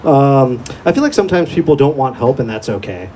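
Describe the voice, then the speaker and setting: A man's voice: mid-range voice, sing-song, brisk, darkish tone, slight background noise. A young man doing a crude, profane stand-up set in a small comedy club, telling stories in a laid-back way into a handheld mic.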